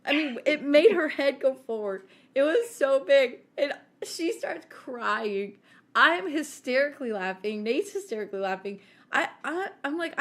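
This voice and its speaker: A woman co-hosting a podcast, telling a story in an animated, giggly way and acting out the quotes. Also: sits high, a little slow. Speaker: podcast co-host. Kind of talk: casual storytelling chat.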